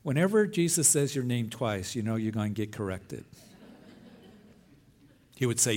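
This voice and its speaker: A man's voice: mid-range voice, sing-song, slow, pauses often, darkish tone. A middle-aged man preaching a sermon as pastor at an outdoor service, earnest and emphatic, with rising phrases.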